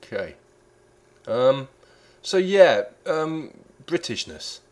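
A man's voice: medium pitch, big pitch swings, extremely slow. A British man co-hosting an improvised comedy chat, poking at his partner with dry, probing questions. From Britain. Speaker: podcast co-host.

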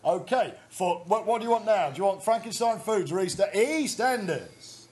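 A man's voice: high voice, brisk, a little mellow. A man playing quizmaster in a comedy quiz, flustered and teasing as he reads out clues. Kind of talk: mock quiz show banter.

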